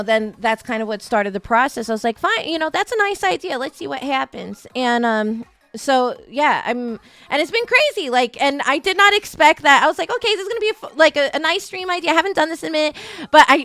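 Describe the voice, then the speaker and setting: A woman's voice: high-pitched, a bit bright, no echo. A woman hosting a charity stream, chatting casually and rambling with lots of fillers. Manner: rambling, filler-heavy, with emotional outbursts. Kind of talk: casual chat.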